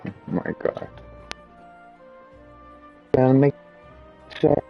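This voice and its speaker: A man's voice: mid-range voice, drawn-out words, gravelly. A young man streaming a game, chatting casually and rambling about his day. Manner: rambling, relaxed, chuckling. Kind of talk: casual gameplay chat. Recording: dull lo-fi mic with faint game music.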